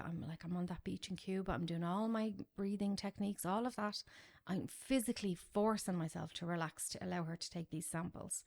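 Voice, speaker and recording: A woman in her forties, a podcast guest telling a candid personal story with animated, self-deprecating asides. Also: lowish voice, brisk, creaky. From Ireland.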